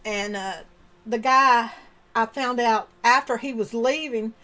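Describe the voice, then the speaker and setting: A woman telling a story from her own life in an animated, expressive way, acting out the remembered dialogue. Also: on the high side, slow pace. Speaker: storyteller sharing personal experience. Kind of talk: personal storytelling monologue.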